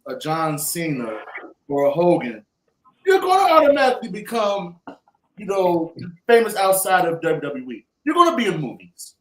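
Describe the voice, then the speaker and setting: A man co-hosting a podcast, making measured, reflective points in casual chat. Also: high voice. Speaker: podcast co-host. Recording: echoey room.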